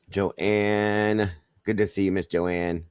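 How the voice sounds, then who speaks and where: This livestream host from the Southern United States speaks in a Southern American drawl, greeting chat members by name in an easygoing, folksy style. His low voice is smooth with a darkish tone, recorded dry and close to the mic without any room echo.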